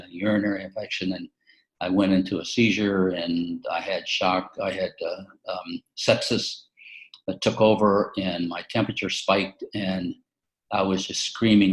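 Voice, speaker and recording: Older man, deep voice, narrow pitch, earnest church testimony, halting restarts. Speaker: chaplain sharing a testimony. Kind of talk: personal testimony at a worship service.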